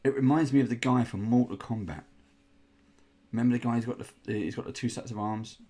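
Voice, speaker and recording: A man's voice: mid-range voice, brisk, mellow. A man hosting a casual unboxing indoors, chatty and rambling, with playful groans of disgust. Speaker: host unboxing miniatures.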